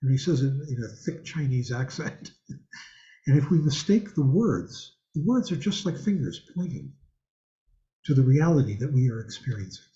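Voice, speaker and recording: Older man, buddhist teacher, mellow voice, rambling conversational talk, roomy dull video-call sound. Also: medium pitch, lively intonation, normal speed. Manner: rambling, conversational, asks the class questions. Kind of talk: online dharma class talk. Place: home room with a hanging thangka.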